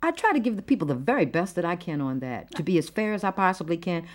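A woman poet with a lowish voice that swoops lively up and down. She speaks unhurried and laughs easily between readings and answers. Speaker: guest poet. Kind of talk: interview conversation and poetry reading.

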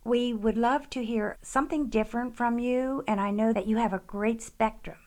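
A woman's voice: on the high side, steady tone, moderate pace, a little mellow. A woman interviewing a poet and inviting him to read something.

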